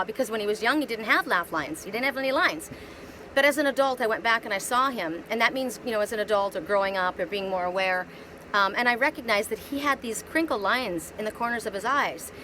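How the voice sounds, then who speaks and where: A woman's voice: fairly high pitch, sharp tone, slight background noise, poor audio. Rambling woman giving a card reading. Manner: rambling, repeats words, many rhetorical questions. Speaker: oracle card reader. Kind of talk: live spiritual card reading. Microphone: phone.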